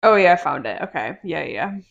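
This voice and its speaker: A woman's voice: sits low, big pitch swings, a little fast, gravelly, dull audio. A woman co-hosting a podcast, chatting casually about a book and retelling scenes in quoted dialogue. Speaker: podcast co-host.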